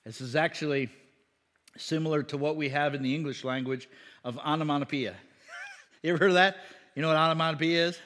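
A man's voice: fairly high pitch, fairly even intonation, brisk, pauses often, fairly bright tone. A man preaching a conversational sermon, with many fillers, asides and repetitions. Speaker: pastor. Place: church hall. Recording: long hall reverb.

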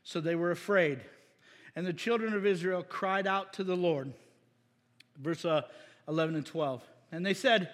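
A middle-aged male pastor preaching a sermon, energetic and playful, acting out voices and asking for amens. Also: high voice, normal speed, pauses often, big-room sound. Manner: energetic and playful, acts out voices, asks the crowd "Amen?".

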